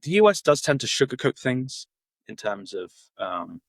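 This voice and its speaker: A Cornish man speaks as a podcast guest in loose, casual interview chat, rambling with plenty of fillers and restarts. His voice is medium in pitch and very animated, with a creaky quality and a moderate pace. The recording is dry.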